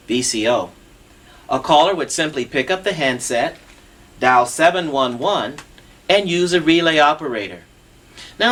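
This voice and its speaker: Lively, animated male equipment demonstrator. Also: on the high side. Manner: patient, instructive, step-by-step. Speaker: assistive technology demonstrator.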